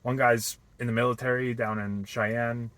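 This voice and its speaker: A young man from Boston in a casual, reflective vlog, talking haltingly with many fillers and restarts. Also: mid-range voice, little pitch movement, a bit bright. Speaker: vlogger.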